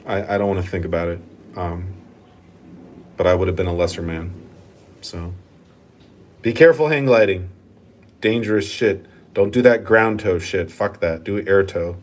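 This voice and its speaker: This channel host's voice sits low, and he moves at a normal speed with long pauses. He chats casually in a vlog, working through viewer comments in a profane, rambling, easygoing manner.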